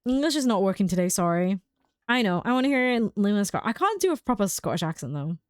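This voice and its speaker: A woman's voice: medium pitch, very animated, fast talker, no echo, studio quality. A young adult woman streaming a game live, rambling and chatting casually with frequent laughs.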